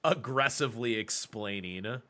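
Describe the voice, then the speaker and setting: In a sharp, medium-pitched voice at a measured pace, a man from the Pacific Northwest explains speedrun routing at length while gaming live. His casual stream commentary, in an American accent, is sprinkled with fillers and self-corrections.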